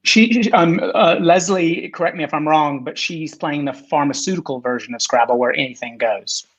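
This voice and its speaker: A man's voice: on the high side, moderate pace, breathy edge, poor audio. A man in his forties, a guest on a video-call chat, talking in a rambling, self-deprecating way with many restarts.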